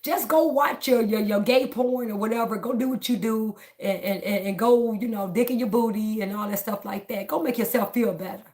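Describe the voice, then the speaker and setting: A woman's voice: on the high side, a little fast, few pauses, a little mellow. A woman livestreaming a casual, preaching monologue, speaking emphatically, repeating her phrases and talking straight to her viewers. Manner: laughs between lines.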